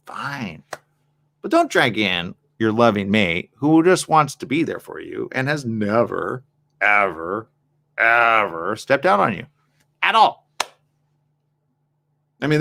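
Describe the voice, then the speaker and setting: Animated male talk show host. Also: medium pitch, normal speed, vocal fry. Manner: animated, acts out both sides of arguments; addresses the ladies in the audience directly. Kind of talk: talk show monologue, casual advice.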